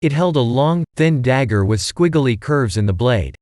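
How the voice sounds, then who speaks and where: A man's voice: mid-range voice, moderate pace, dry recording. Man narrating an audiobook, dry sound. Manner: steady storytelling. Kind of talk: scripted narration.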